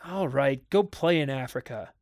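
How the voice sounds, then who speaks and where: A man voicing an anxious, stern father in a dramatic audiobook reading, his exasperation rising into sharp outbursts. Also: medium pitch, moderate pace, vocal fry, no echo, clean studio sound, natural voice.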